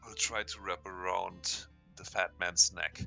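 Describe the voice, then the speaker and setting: A man narrating a tabletop game as game master, halting and laughing often. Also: low-pitched, little pitch movement, gravelly, bright, forceful tone, faint music behind.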